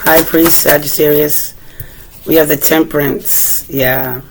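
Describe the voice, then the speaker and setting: In a casual tarot session, a low-pitched Boston woman takes her time, her intonation fairly even, with noise in the background. She talks loosely, asks the cards things aloud, and often clears her throat.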